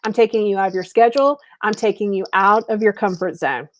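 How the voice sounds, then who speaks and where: A middle-aged woman business coach giving an upbeat, chatty webinar sales pitch, speaking straight to her viewers. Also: brisk, a little hiss or hum.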